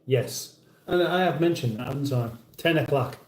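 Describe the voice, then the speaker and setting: A man's voice: medium pitch, normal speed, darkish tone, roomy sound, poor audio. A middle-aged British man hosting a casual livestream, reading out viewer comments in a dry, wry, mock-formal way and sounding a little weary. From United Kingdom. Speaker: livestream host.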